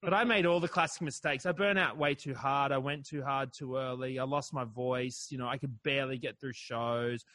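A comedian from Australia chatting casually, rambling and self-deprecating, swearing now and then. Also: male voice, mid-range voice, steady tone, normal speed, hardly any pauses, sharp tone. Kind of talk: casual chat.

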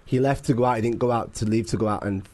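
A man appearing as a guest on a show, talking in a relaxed, upbeat way. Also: mid-range voice, fast. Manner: relaxed, upbeat, uses fillers. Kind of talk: casual chat.

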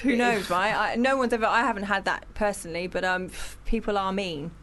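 A woman hosting a radio show, chatting casually and prompting her guests with quick questions. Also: medium pitch, fairly bright tone. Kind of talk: casual radio studio chat. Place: radio studio.

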